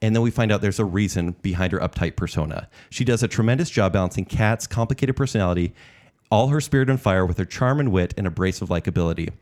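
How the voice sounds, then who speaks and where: A man with a fairly low voice talks through a movie review in a casual, opinionated way. He is a podcast co-host and likes to tease his partner. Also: fast, darkish tone. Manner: opinionated, teasing, reads from notes. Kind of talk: casual film discussion.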